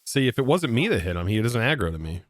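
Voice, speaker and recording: A man's voice: mid-range voice, big pitch swings, fast, dry recording, studio quality. A man livestreaming a game, chatting casually to his viewers as he narrates each move he makes. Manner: chatty, narrates his moves and talks to chat. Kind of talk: live gameplay commentary.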